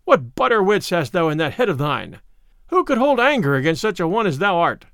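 A man's voice: high-pitched, sing-song, brisk, a bit bright, dry recording, clean studio sound, full character voice. A man voicing a jolly, bold outlaw leader who teases his friend in old-fashioned speech. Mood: mocking.

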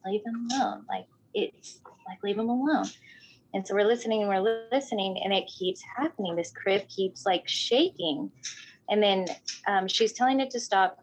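Animated woman telling a story. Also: medium pitch, slight background noise, poor audio. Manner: animated, acts out voices in quotes, fills with "like". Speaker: guest telling a personal ghost story. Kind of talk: casual spoken storytelling.

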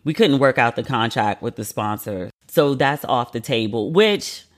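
A man hosting a podcast in a casual chat. He talks in an expressive, rambling way, swears freely and laughs at himself. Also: medium pitch, moderate pace. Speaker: podcast host.

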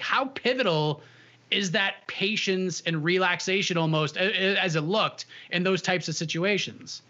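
A man with a bright, forward voice conducts a casual interview. He recaps events in a chatty way before he gets to his long questions. His voice sits a bit high, and the sound is dull and lo-fi.

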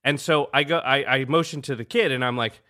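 A man hosting a podcast, telling a story in casual chat, animated and laughing often. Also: mid-range voice, brisk. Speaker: podcast host.

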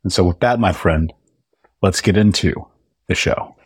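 A man's voice: low voice, a little slow, breathy edge, dry recording, studio quality. A man hosting a podcast, introducing the episode in a friendly way and speaking straight to the listener. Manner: friendly, direct address to listener. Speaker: podcast host.

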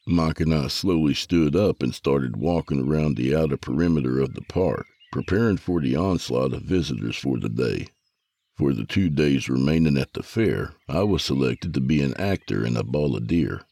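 A man tells a first-person story in a very low, gravelly voice with a husky edge. The recording is dry and close, with no room sound at all. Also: dark tone, no echo. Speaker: narrator.

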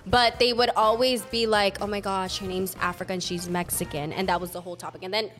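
A woman's voice: medium pitch, steady tone, quick pace, fairly bright tone, soft background music. A young woman with a Los Angeles accent, talking frankly and casually as a guest, swearing now and then and slipping into Spanish. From Los Angeles area. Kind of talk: casual chat, switching between English and Spanish.

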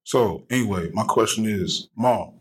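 Male caller, low and husky, relaxed slangy storyteller. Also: a little slow, low-quality recording. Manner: laid-back, slangy. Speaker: caller leaving a question. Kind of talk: casual storytelling.

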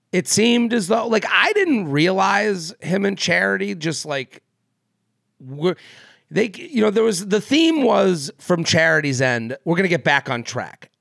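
Recorded cleanly in the studio with no room sound, this man has a high, fairly bright voice with vocal fry. Co-hosting a casual podcast, he rambles, restarts, leans on fillers, and laughs a lot.

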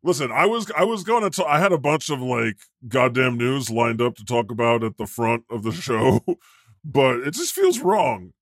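A man with a lively, swooping voice hosts a comedy podcast in character as God. He rambles through jokes, corrects himself with a laugh and keeps things loose. The sound is dry and close. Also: mid-range voice, moderate pace, no room sound. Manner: jokey, rambling, self-deprecating, laughs often. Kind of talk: improvised comedy chat.

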